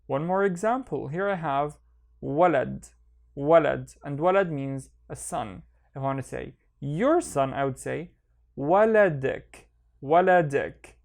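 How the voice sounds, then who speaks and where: A man teaching a reading lesson online, speaking slowly and patiently, and repeating each sound twice so learners can follow. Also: fairly high pitch, lively intonation, creaky. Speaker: Arabic teacher.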